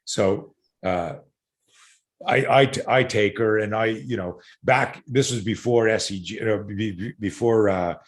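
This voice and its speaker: A middle-aged man, a self-defense coach, telling stories as a podcast guest in an animated way, swearing casually and full of fillers. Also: lowish voice, a little slow.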